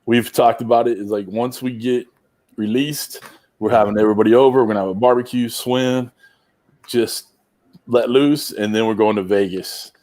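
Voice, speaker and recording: A man chatting on a video call livestream, relaxed and laid-back, talking about his whiskey. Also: medium pitch, moderate pace. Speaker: guest on livestream, mortgage company worker. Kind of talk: casual chat.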